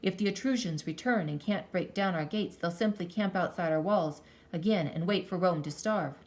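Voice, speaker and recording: A grave old grandfather speaks with sober, measured weight, as a woman reader puts him on. A storybook elder, serious and steady, in a lowish voice. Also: close to an everyday voice.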